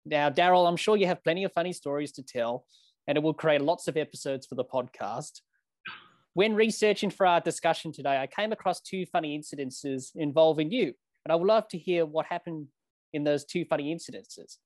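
A man's voice: a little high, brisk, no echo, studio quality. Man hosting a podcast interview. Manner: reads long setups, addresses the guest by name. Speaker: podcast host.

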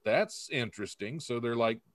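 A man's voice: medium pitch, animated, normal speed, a bit bright, a little hiss or hum. A man hosting a casual comedy podcast, reading odd news stories aloud and laughing often. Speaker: podcast host.

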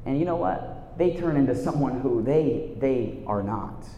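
A man giving a storytelling sermon, swinging from lively tales to a hushed, earnest tone. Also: mid-range voice, a little slow, lo-fi sound, a little hiss or hum. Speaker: youth speaker and teacher. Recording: echoey hall with long reverb.

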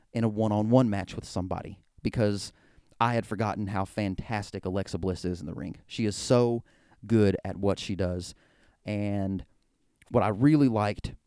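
Guy rambling through a wrestling recap, low mellow voice, super dry close mic. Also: clear, resonant tone, no echo. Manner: rambling, excitable, heavy use of "like". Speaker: podcast host.

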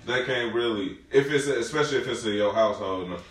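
A man in his thirties chatting casually with friends, relaxed and quick to laugh. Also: mid-range voice. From Milwaukee. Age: 30s. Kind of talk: casual chat. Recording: echoey room, from far off, faint noise.

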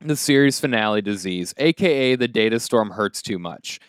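A man's voice: lowish voice, lively intonation, moderate pace, clear, resonant tone, no room sound, clean studio sound. A young man co-hosting a podcast, casually recapping an anime episode with jokes and fillers. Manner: joking, rambling recap with fillers. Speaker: podcast co-host.

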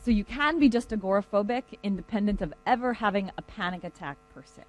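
A lecturer giving a conversational classroom talk and telling lively stories to students. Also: medium pitch, fast talker, slight background noise, rough recording.

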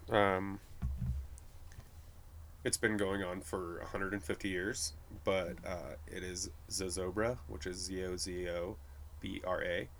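A man's voice: low voice, steady tone, slow pace, vocal fry, slight background noise. A man from New Mexico, a brewery guide, chatting casually and laughing easily between many fillers. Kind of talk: casual conversation.

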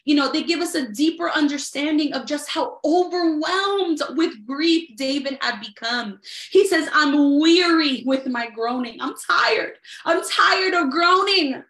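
A woman's voice: very high-pitched, fairly bright tone, echoey room. A woman preaching a sermon to a livestream audience, earnest and repeating phrases for emphasis. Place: livestreamed service.

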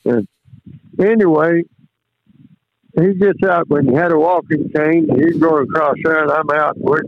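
A man's voice: on the high side, a little slow, dry recording. An older man with a drawl, telling rambling, folksy rodeo stories as an interview guest. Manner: drawling, rambling, with many "and, uh" restarts. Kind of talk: folksy storytelling. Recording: tinny phone line with faint noise.

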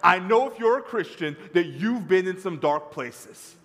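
A male pastor preaches to his congregation with an emphatic, storytelling delivery. His fairly high voice swings widely in pitch. The long reverb of a church sanctuary trails each phrase. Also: lively intonation, unhurried, a bit bright. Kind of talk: sermon.

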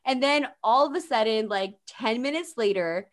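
A woman's voice: a little high, expressive, normal speed. A young woman, a podcast co-host, animatedly retelling a night out, acting out quotes, swearing and laughing. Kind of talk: casual chat.

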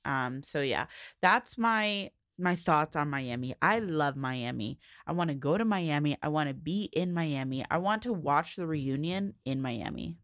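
A young woman with a low voice talks through a casual solo podcast recap, frank and chatty, packed with fillers and swearing. Her voice sits close and dry on the mic, with no room sound around it. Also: lively intonation, a little slow, a bit bright, no room sound. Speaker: podcast host.

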